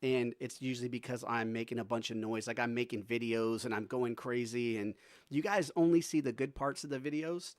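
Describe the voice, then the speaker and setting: A man's voice: mid-range voice, no echo. Chatty streamer man, dry close sound. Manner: chatty, laughs often, talks to his chat and his dog. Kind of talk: casual live-stream chat.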